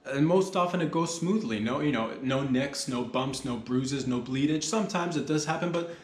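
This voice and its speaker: Guy rambling and joking thru his own podcast, swears a lot, mid pitch, kinda echoey room. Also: normal speed. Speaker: podcast host. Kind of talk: solo comedy podcast rambling.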